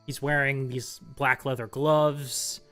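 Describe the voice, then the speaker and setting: Guy dming a tabletop game, slow and smooth, lots of ums. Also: mid-range voice, level tone, pushed and bright, faint music behind. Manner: loose, hesitant, with many fillers. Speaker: game master.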